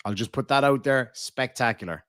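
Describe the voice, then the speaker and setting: A man with a Cork accent talks loosely to his live-stream chat, trading crude, swearing banter with the viewers. His voice sits at an ordinary middle pitch and sounds close and dry, with no room around it. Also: fairly quick, a bit bright, no room sound. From Ireland.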